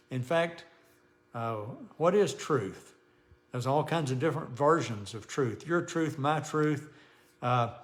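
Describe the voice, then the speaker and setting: A man, a pastor, leading a relaxed Bible study, talking conversationally, often restarting sentences and chuckling as he reads scripture aloud. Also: medium pitch. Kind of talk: informal Bible study teaching.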